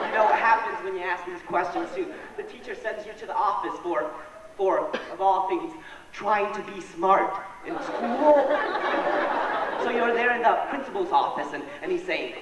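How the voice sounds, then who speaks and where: A man's voice: sits high, normal speed. A young man who is sick, doing a self-deprecating stand-up routine. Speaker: stand-up comic. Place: hall with live audience. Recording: echoey hall with long reverb, recorded from far off, crowd noise. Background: crowd noise.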